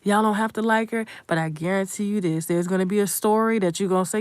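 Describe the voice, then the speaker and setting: In a medium-pitched voice, a woman races through an unscripted commentary monologue with hardly any pauses. She hosts the channel and speaks straight to viewers, blunt, emphatic and full of profanity.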